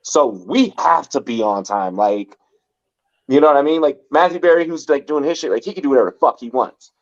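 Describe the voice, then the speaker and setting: A man's voice: on the high side, animated, a little fast, highs cut off. A man from Los Angeles hosting a podcast, telling a story in casual chat, rambling and profane with constant "like" fillers. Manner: rambling and profane, heavy use of "like". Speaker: podcast host.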